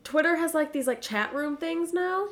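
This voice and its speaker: Chatty podcast woman, a bit high. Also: moderate pace. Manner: animated storyteller, acts out quotes. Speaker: podcast co-host. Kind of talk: casual chat.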